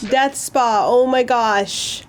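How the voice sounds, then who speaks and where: A woman co-hosting a casual movie chat, talking quickly and filling her sentences with "like". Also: fairly high pitch, music in the background. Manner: quick, lots of "like" fillers. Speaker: podcast co-host.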